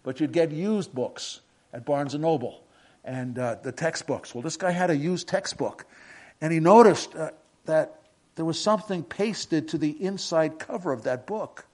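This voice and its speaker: An older man preaching a sermon, moving between quiet reflective passages and emphatic raised declarations. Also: a little high, normal speed.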